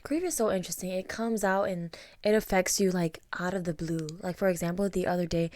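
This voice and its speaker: A young woman co-hosting a podcast, talking in a soft, reflective way with many fillers. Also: lowish voice, a little fast, no room sound, studio quality. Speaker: podcast co-host. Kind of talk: casual conversation.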